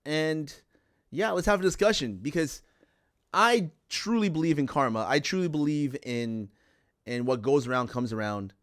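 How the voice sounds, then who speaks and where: Male podcast host, a fairly high voice, loud and animated, repeats his points, casual livestream chat. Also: moderate pace.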